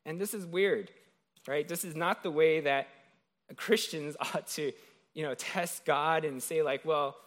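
A man's voice: a little high, unhurried, fairly bright tone. A man preaching a sermon in a conversational way, retelling a scripture story and often checking in with "right?".

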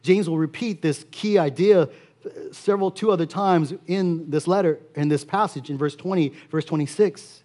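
A man preaching a sermon as pastor, earnest and steady, repeating key phrases for emphasis. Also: a little high, normal speed.

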